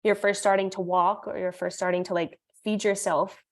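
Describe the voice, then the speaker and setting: A woman's voice: mid-range voice, level tone, normal speed. A woman guest on a podcast, explaining her ideas thoughtfully in casual conversation.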